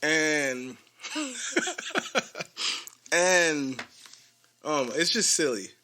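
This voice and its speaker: A man's voice: mid-range voice, unhurried, fairly bright tone, a little hiss or hum. A man hosting a podcast, casually retelling a TV episode in a rambling way and acting out the characters' lines. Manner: rambling, acts out quoted lines, laughs often. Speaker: podcast host.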